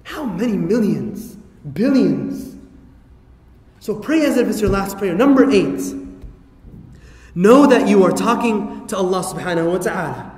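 A man giving a lively religious talk to an audience, full of rhetorical questions and playful asides. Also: high-pitched, measured pace, long pauses. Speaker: Islamic lecturer. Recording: echoey hall reverb.

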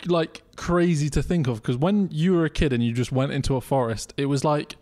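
A young man, co-hosting a podcast in relaxed chat, swearing casually. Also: fairly high pitch, a little fast. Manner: chatty, swearing, laughs easily. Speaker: podcast co-host.

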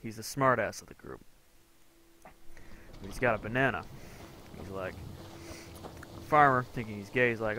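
A man's voice: fairly low pitch, unhurried, pauses often, pushed and bright, slight background noise. A man commentating a game playthrough in a crude, rambling, profane way. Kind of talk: casual let's-play commentary.

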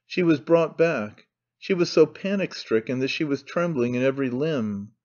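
A man narrating an audiobook in a measured, even storytelling manner. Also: medium pitch, lo-fi sound. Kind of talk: scripted narration.

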